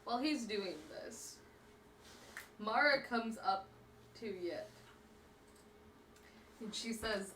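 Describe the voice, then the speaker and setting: A woman's voice: a little high, drawn-out words, long pauses, fairly bright tone, a little hiss or hum. A woman playing a tabletop game, talking casually with hesitant fillers. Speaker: player. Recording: echoey room.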